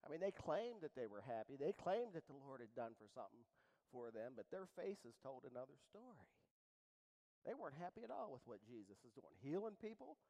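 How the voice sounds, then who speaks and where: Guy preaching in church, voice rising and dropping all over, gets loud and fired up. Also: medium pitch, a little fast, low-quality recording. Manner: animated preaching, swinging from quiet asides to loud exclamations. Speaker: pastor. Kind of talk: sermon. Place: church sanctuary with congregation.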